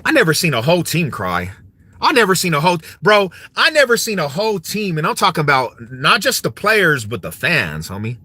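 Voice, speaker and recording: Bright, lively trash-talking man. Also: fairly high pitch, a little fast, husky, dry recording. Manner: mocking, swaggering, slangy, laughs often. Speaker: vlogger. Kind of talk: casual trash-talking rant.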